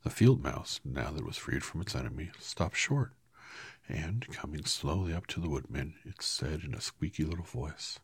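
Man, deep creaky storybook reader, soft and hushed, dry close sound. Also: animated, moderate pace, no room sound. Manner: soft, half-whispered, apologizes for slips. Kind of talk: quiet storybook read-aloud.

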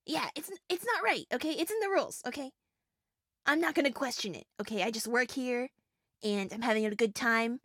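A woman's voice: on the high side, a little fast, fairly bright tone, dry recording, clean studio sound. A young woman voicing a small, chatty female fairy who grants wishes, giggling, rambling and stammering through many fillers in an audio role-play. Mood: playful.

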